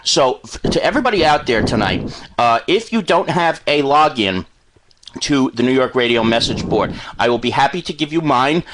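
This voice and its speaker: A man co-hosting casual radio talk, steady and matter-of-fact with blunt remarks. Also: medium pitch, moderate pace, noisy background. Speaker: radio co-host.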